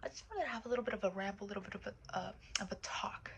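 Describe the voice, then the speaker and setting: A woman vlogger in a casual, rambling commentary, blunt and profane, often dropping into hushed, whispered asides. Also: medium pitch, very fast, gravelly, faint music behind, poor audio.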